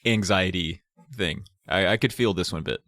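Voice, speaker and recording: A man co-hosting a podcast in casual chat, reacting with quick asides and frequent laughter. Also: low-pitched, a bit bright. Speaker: podcast co-host.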